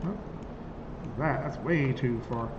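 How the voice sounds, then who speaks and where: A man instructor giving a conversational classroom software lecture, checking in with his students as he works. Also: mid-range voice, slow, background noise. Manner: conversational, checks in with "right?" often. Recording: roomy classroom, dull lo-fi sound.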